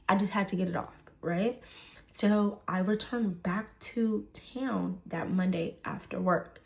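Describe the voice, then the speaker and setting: Animated young woman with gravelly voice. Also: mid-range voice. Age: 20s. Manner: animated, fillers, "like", "right?". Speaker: storyteller. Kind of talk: casual storytelling.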